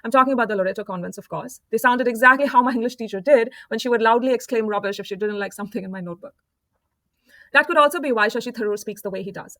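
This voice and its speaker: Quick, bright-voiced woman narrating an explainer. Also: a little high, no echo. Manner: calm, explanatory, measured. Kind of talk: scripted narration.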